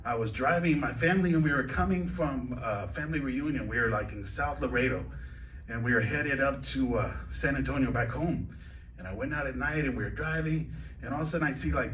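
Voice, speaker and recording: A man's voice: medium pitch, brisk, a bit bright, a little hiss or hum. Rambling man doing stand-up in an echoey club. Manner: hesitant, rambling with many fillers. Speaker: stand-up comedian. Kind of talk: open mic stand-up. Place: comedy club stage, indoors. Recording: echoey club room from a distance.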